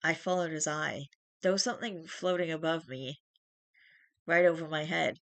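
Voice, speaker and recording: Streamer reading a horror story out loud, mid-pitched voice, dry close sound. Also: normal speed, creaky, no room sound. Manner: steady first-person narration with small restarts.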